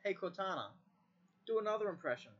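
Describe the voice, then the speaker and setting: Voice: medium pitch, animated, quick pace, fairly bright tone, slightly rough. A person casually giving a voice assistant commands, repeating them and muttering curses. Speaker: user testing a voice assistant. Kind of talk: casual chat with a device. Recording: dull lo-fi recording, speaker away from the mic.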